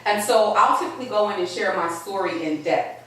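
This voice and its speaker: A woman's voice: medium pitch, a little fast. Emphatic woman in an echoey room. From Georgia, USA. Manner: lively, emphatic, laughing often. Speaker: motivational speaker. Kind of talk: motivational talk to a meeting. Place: meeting room. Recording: echoey room, distant mic, faint noise.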